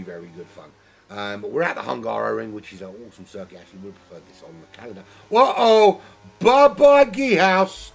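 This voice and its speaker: A man doing solo live race commentary, rambling and jokey, getting excited at incidents, his voice worn from a long weekend of talking. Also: on the low side, vocal fry. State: losing his voice. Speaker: sim racing commentator.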